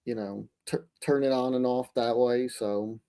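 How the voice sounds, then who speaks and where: A man's voice: medium pitch, steady tone, measured pace, dark tone. A man co-hosting a casual chat show who talks in an easygoing, agreeable way. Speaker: co-host.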